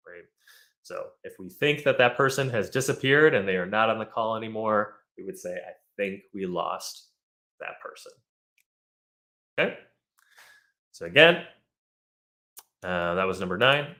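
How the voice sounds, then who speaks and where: Guy teaching english live online, lowish voice, patient, lots of ums. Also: expressive, unhurried, long pauses, pushed and bright. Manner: patient, explanatory, with frequent fillers.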